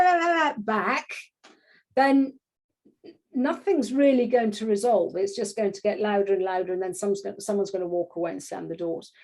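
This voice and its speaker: A woman parenting coach talking in a casual interview, animated, restarting her sentences often and acting out little quotes. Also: mid-range voice. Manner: animated, acts out quotes in voices; frequent restarts and filler phrases.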